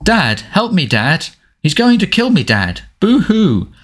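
A man's voice: high-pitched, very animated, unhurried, a bit bright, voice pushed up, exaggerated voice. A man voicing a big, surly teenage boy bully who snarls and taunts, raised above his own voice. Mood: mocking whine.

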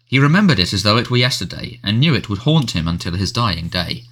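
A man narrates a storybook in a measured, expressive way. His voice sits low but moves a lot in pitch. The tone is bright and forward. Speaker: audiobook narrator.

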